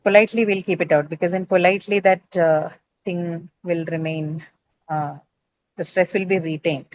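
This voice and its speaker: A woman's voice: lowish voice, fairly even intonation, normal speed, a little mellow, dull audio, slight background noise. A woman teaching an English class on word stress in a classroom, checking in with students and often adding "right?" and "uh".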